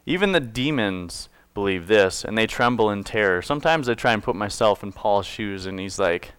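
A man's voice: fairly low pitch, expressive, moderate pace, a bit bright, clear, resonant tone, no echo. A man preaching a casual sermon to his congregation, reading scripture and explaining it in a conversational, joking way. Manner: conversational, self-correcting, jokes with congregation. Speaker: pastor.

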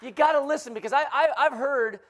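A man in his fifties, a guest pastor giving a joke-filled sermon and teasing the crowd as a playful, animated storyteller. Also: extremely high pitch, fairly quick, a little hiss or hum.

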